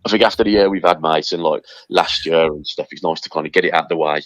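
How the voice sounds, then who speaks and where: A man's voice: extremely low pitch, fast talker, a bit bright, no room sound. A man chatting as a podcast guest in a matey, encouraging way, calling everyone mate, heard on a dull, dry recording. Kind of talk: casual chat.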